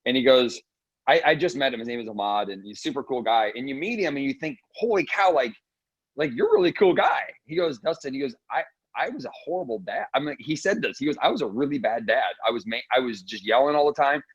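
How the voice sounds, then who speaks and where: Excited guy on a video call, dry sound, tells stories. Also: mid-range voice, fast, husky, no echo, dull audio. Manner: enthusiastic storyteller. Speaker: guest on a sales call. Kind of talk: casual talk on a video call.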